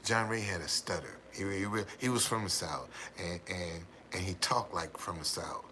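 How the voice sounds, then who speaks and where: A man's voice: low voice, steady tone, normal speed, sharp tone, a little hiss or hum. A man hosting a livestream, telling a rambling story to his viewers, repeating words and laughing often. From United States. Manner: gives frequent hearty laughs. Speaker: livestream host.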